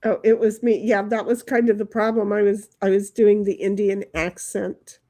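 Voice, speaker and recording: A woman's voice: medium pitch, flat delivery, normal speed, mellow. A woman hosting a livestream in casual chat, reading viewer comments aloud, rambling and laughing often. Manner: rambling, laughs often, breaks into sung jingles. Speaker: livestream host.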